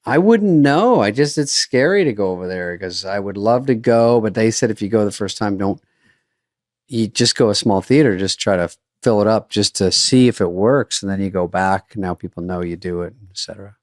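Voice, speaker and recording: A man's voice: lowish voice, animated, moderate pace, dry recording, studio quality. A man co-hosting a podcast in casual chat, easygoing and wry, often answering with short agreeing words. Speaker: podcast co-host.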